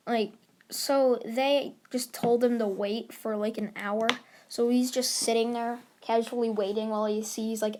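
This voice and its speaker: A woman's voice: on the high side, darkish tone. A woman casually improvising a fan story, rambling with lots of filler words.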